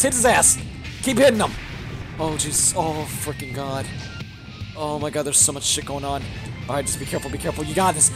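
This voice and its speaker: A young man giving live, profane commentary while playing a video game, often shouting in excitement. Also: a little high, brisk, faint music behind. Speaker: gaming streamer.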